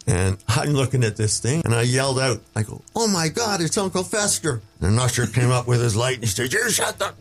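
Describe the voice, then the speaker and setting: An older man, telling rambling stories as an interview guest, with chuckles and restarts. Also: medium pitch. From Canada. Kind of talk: casual storytelling interview.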